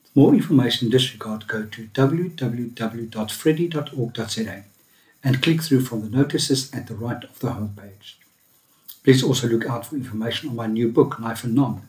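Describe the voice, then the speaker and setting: A man's voice: mid-range voice, darkish tone, echoey room. A man hosting a podcast, reading his intro and then chatting playfully with his guest. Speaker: podcast host. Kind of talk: podcast intro and casual interview.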